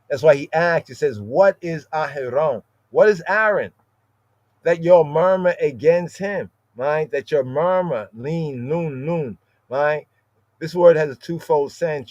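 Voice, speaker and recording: A man teaching a scripture study podcast. He reads verses slowly, stresses the Hebrew words and keeps asking "right?". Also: medium pitch, a little mellow, no room sound, highs cut off. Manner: explains word by word, repeating "right?" for the listener.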